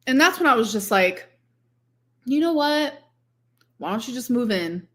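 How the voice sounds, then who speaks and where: A woman's voice: a little high, animated, fairly quick, fairly bright tone. A woman talking casually on a livestream, rambling with lots of filler words.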